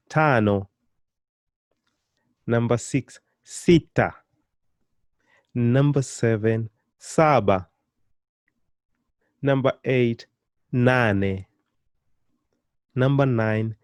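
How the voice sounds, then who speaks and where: A man teaching a beginner language lesson, praising learners often and repeating words slowly for them to copy, with sudden lively jumps in pitch and loudness. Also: no room sound, clean studio sound.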